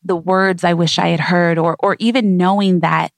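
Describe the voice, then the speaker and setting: A woman's voice: fairly low pitch, fairly even intonation, moderate pace, gravelly, no echo. A woman guest on an interview show, speaking earnestly and reflectively in repeated emphatic phrases.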